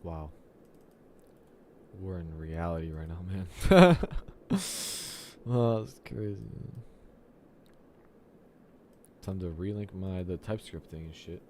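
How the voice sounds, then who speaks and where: A man's voice: low-pitched, lively intonation, measured pace, long pauses, slight background noise. A young man, a programmer, ranting profanely and with exasperation at his computer during a solo recording. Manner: exasperated and profane, talks to the software. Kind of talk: frustrated solo screen-recording rant.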